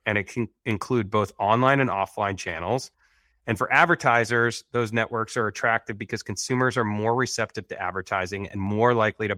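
A man's voice: fairly low pitch, sharp tone, dry recording. A man co-hosting a podcast, explaining terms with a dry joking manner. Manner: dry jokey delivery. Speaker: podcast co-host. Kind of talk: scripted casual podcast banter.

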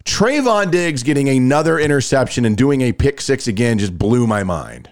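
A man's voice: medium pitch, moderate pace. A man hosting a casual sports podcast, chatty and often laughing as he introduces clips. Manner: chatty, laughing, animated storyteller. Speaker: podcast host.

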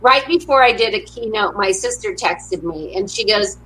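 This middle-aged motivational speaker has an animated, slightly bright mid-range voice and a moderate pace. Over a low-quality recording, she tells upbeat stories in a casual interview, acting out the quoted lines.

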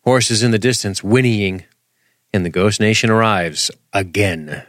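A man's voice: fairly low pitch, measured pace, fairly bright tone, dry recording, clean studio sound. A man co-hosting a casual recap chat, walking through scenes, quoting the lines and laughing often. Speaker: podcast co-host.

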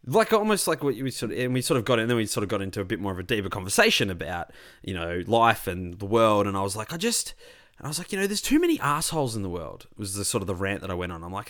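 A young Australian man chats casually, telling a long rambling story with plenty of swearing. His voice sits a bit low but swings around a lot in pitch. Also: quick pace. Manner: rambling, animated, swears freely. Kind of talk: casual chat.

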